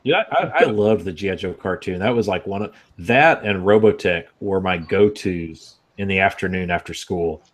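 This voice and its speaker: Low-voiced man in laid-back chat. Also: moderate pace, few pauses. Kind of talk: casual chat.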